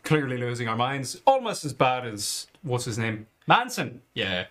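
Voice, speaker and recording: A man's voice: medium pitch, sing-song, moderate pace, fairly bright tone. A man co-hosting a casual podcast, bantering playfully with his partner. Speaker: podcast co-host. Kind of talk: casual chat.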